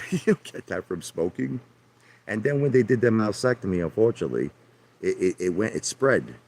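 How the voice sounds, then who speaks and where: This hot-tub livestreamer has a darkish voice on the low side, with lively intonation and a moderate pace. He brashly rambles to his audience, repeats himself and singles viewers out by name.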